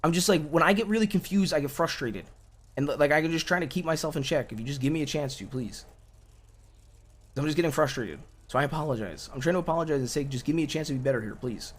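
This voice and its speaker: A man's voice: fairly high pitch, fast talker, natural voice. A man voicing an exasperated young man in an improvised game roleplay, pleading with his partner and tripping over his own restarts. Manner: pleading, repeats himself, stumbles over restarts. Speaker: roleplay character.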